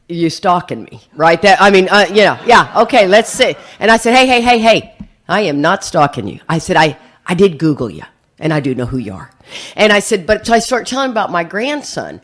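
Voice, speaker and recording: An older woman sharing her story at a recovery meeting, chatty and rambling, often repeating words as she starts a sentence. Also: medium pitch. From USA. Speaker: AA speaker.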